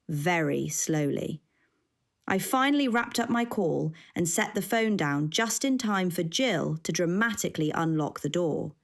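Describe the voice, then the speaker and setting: A woman narrating a first-person cozy mystery audiobook in a measured, wry way. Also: on the low side, creaky.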